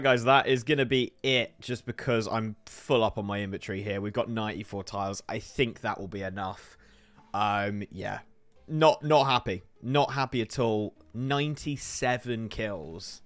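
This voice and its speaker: A man's voice: lowish voice, fairly bright tone, no echo. Man doing chatty game commentary. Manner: chatty, swears when frustrated. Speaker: gaming YouTuber. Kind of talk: casual gameplay commentary.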